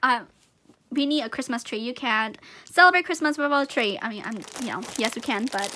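A young woman with a high, bright voice talks through an unboxing in a casual vlog. She gushes and giggles over each item, excitable and chatty. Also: fairly quick, a little hiss or hum. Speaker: vlogger unboxing gifts.

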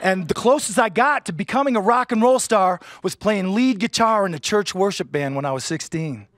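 A man's voice: sits high, animated, moderate pace, fairly bright tone, no room sound, clean studio sound. A man performing a stand-up comedy set on stage, with punchy delivery and silly character voices. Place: stage before a live audience.

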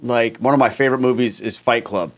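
A man's voice: medium pitch, fairly even intonation, a little fast. Man hosting, thoughtful and hesitant. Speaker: interview host. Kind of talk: casual conversational interview.

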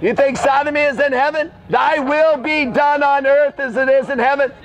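An older man preaching in the open air, fervent and scolding, often shouting at his listeners. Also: extremely high pitch, fairly even intonation, normal speed, a little hiss or hum, low-quality recording. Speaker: street preacher. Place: city street outdoors.

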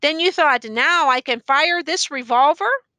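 A woman reading the part of a grave male judge who questions the accused in a stern, measured way. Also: sits high, pushed and bright, no echo, voice pushed up.

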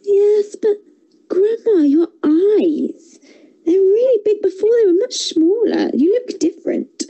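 A woman voicing a carefree young girl in a storybook, asking high, wide-eyed questions. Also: slow, dark tone, muffled recording. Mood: puzzled. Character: young girl, Little Red Riding Hood, carefree.

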